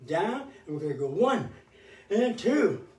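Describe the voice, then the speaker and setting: A man's voice: sits high, measured pace, recorded from a distance. An older man hosting a live fitness show, calling out counts and cheering viewers through the exercises. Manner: energetic, cheering coaching with counted cues. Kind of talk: live workout instruction. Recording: roomy sound from away from the mic.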